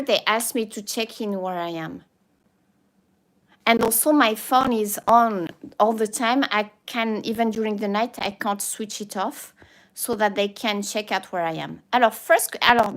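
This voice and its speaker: A woman's voice: fairly high pitch, a bit bright. A woman with a French accent chatting casually on a livestream, reading a form aloud with playful asides and frequent laughter. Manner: reads forms aloud with playful asides, slips into French interjections, laughs often. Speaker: YouTuber.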